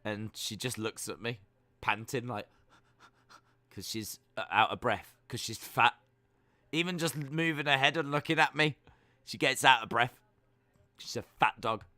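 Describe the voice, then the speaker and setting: A man's voice: mid-range voice, measured pace, long pauses, bright, forceful tone, no room sound. A young man hosting a casual watch-along stream, reading chat messages aloud with playful, teasing, self-mocking banter.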